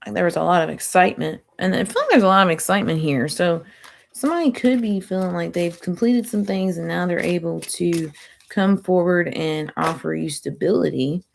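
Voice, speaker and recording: A woman doing a chatty, rambling tarot reading, her voice going hoarse. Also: lowish voice, a little fast. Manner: chatty, rambling, self-interrupting. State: losing her voice. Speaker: tarot reader.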